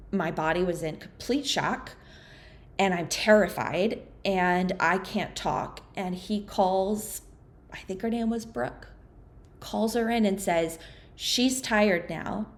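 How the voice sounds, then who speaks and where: A woman with a slightly low voice tells her own story as a podcast guest. She speaks softly and haltingly, restarting sentences and slowing down on the difficult parts. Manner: halting, soft-spoken, frequent restarts and fillers. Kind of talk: personal account in a podcast interview.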